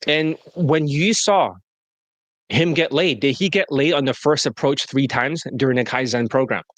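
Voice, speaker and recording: A man's voice: mid-range voice, normal speed, a bit bright, no echo. A man who is a dating coach hosting a casual interview, talking bluntly with lots of swearing and mockery. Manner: blunt, profane, mocking. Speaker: dating coach and show host.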